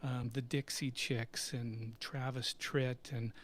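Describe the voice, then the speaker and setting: Speaking slowly at a medium pitch over slight background noise, a middle-aged CEO and musician shares anecdotes in a live Q&A. His casual storytelling is lively, full of laughter, with impressions of the people he quotes.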